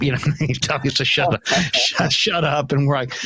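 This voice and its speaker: A man's voice: mid-range voice, normal speed, breathy edge. A middle-aged man hosting a sports show, telling stories casually, laughing and swearing as he goes. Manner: animated storyteller, laughs, swears freely. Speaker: sports talk host. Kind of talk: casual chat, storytelling.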